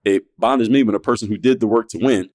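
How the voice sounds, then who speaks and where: A man rants quickly through a podcast monologue. He is blunt and profane, and he keeps firing rhetorical questions at his listeners. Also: lowish voice, a little mellow. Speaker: podcast host.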